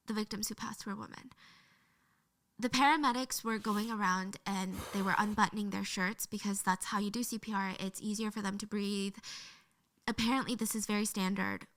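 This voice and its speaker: A woman's voice: mid-range voice, fairly bright tone. A woman narrating a true crime story in an earnest, emotional way, played from her original video.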